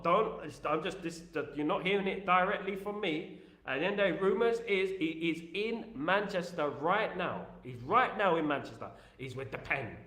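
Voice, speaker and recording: A man's voice: on the high side, lively intonation, a little fast, fairly bright tone, echoey room. Chatty man with a repetitive, joking delivery. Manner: repetitive, joking, leans on filler phrases. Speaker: football fan channel host. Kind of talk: casual live-stream chat reading viewer messages.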